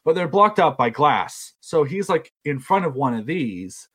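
A man's voice: a little high, very animated, measured pace, a bit bright. A young man from South Carolina with a Southern US accent, telling a story in a rambling, self-deprecating way. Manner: rambling, self-deprecating, acts out quoted voices. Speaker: podcast storyteller. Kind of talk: casual storytelling.

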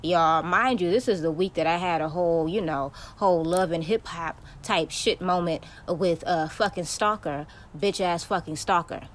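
A young woman with a lowish voice vents on her podcast in a blunt, profane, heated rant. She talks casually and tells her stories straight into the mic, with a faint hiss underneath. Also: normal speed, few pauses. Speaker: podcast host. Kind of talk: casual ranting monologue.

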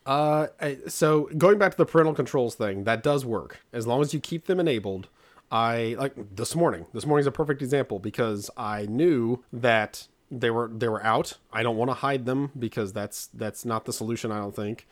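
40s guy rambling on a podcast, trips over his words, average pitch. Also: moderate pace. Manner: rambling, self-interrupting storyteller. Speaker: podcast co-host. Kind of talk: casual chat.

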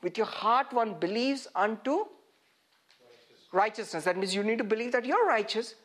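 A woman preaching a sermon in an animated way, laughing often and acting out quoted speech. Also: on the high side, normal speed. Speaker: pastor.

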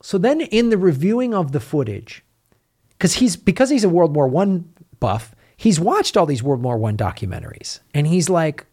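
A man's voice: on the high side, moderate pace, breathy edge. A man hosting a casual film podcast, telling a story with energy and retelling what others said. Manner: animated storyteller, retells quotes. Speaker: podcast host. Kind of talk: casual film review chat.

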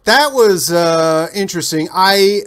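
Male interview guest, from Cincinnati, chatty and digressive, slightly higher pitch. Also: measured pace, smooth. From Cincinnati, USA. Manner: rambling, animated anecdotes with self-corrections. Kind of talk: casual interview storytelling.

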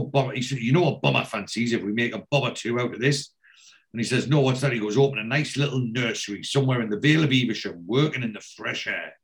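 A man hosting a casual podcast, retelling a TV episode scene by scene and quoting the characters' lines, with a steady "he says" between quotes. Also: medium pitch. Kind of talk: casual chat recapping a TV episode.

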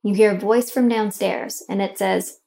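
A woman's voice: medium pitch, fairly even intonation, moderate pace, dark tone. A middle-aged woman hosting and guiding a self-help exercise, coaching the listener directly with emphatic, encouraging instructions.

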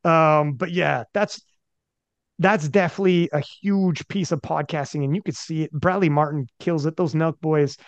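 A man hosting a podcast, talking in an animated way with stumbling restarts and swearing. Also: fairly high pitch, moderate pace, dry recording, lo-fi sound. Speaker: podcast host. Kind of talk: casual podcast chat.

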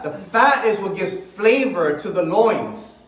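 Pastor preaching in an echoey room. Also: male voice, sits high, animated, slow pace, recorded from a distance, a little hiss or hum. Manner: reads scripture then preaches with rising emphasis. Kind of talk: sermon.

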